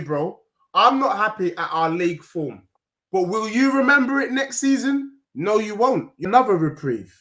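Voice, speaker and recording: A young man, a Tottenham fan talking football and teasing rivals in lively banter. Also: high voice. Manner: boastful, teasing, half-sung chants. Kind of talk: animated football banter, singing taunts.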